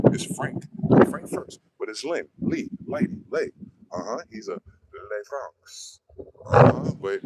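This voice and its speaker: A man's voice: fairly low pitch, huge pitch swings, slow pace, very noisy. A man ranting in a profane, combative monologue, asking questions and answering them himself. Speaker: online video host.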